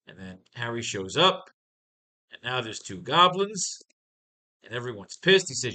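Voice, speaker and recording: Profane, excitable comic-reading man. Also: mid-range voice, moderate pace. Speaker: writing class teacher. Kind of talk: casual comic read-along commentary.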